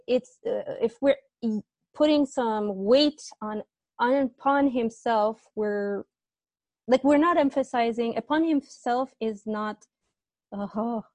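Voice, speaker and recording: A woman's voice: on the high side, slow, a little mellow, dry recording. A young woman teaching assistant explaining grammar in an online tutorial, hesitant and often apologizing.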